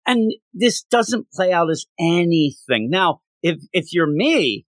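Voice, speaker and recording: Lively, exasperated man in a dry room. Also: high voice, takes it slowly, no echo. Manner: animated, exasperated ranting with laughs. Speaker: podcast co-host. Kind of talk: casual comic book review chat.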